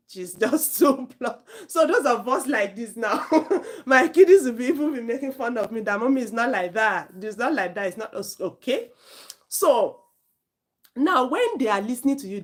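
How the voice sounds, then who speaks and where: This IELTS tutor, a woman with a Nigerian accent and a mid-range voice, teaches informally. Her delivery is animated and chatty, with regular self-corrections in the middle of sentences.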